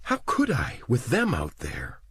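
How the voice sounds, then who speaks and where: A man's voice: mid-range voice, huge pitch swings, measured pace, fairly bright tone, breathy edge, pitched above the performer's own voice, exaggerated voice. A man voicing a frightened young woman survivor who speaks in faltering, nervous whispers, in a storybook reading.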